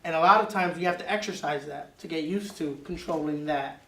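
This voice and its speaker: A man's voice: on the high side, fairly quick, sharp tone, roomy sound, distant mic, rough recording. A man teaching a Bible class, emphatic and repeating key words for stress.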